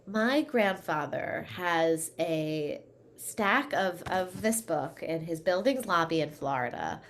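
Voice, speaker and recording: A woman's voice: on the low side, lively intonation, slow pace. A woman in her thirties, an author in an interview, talking animatedly with many fillers and restarts and laughing often. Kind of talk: interview conversation.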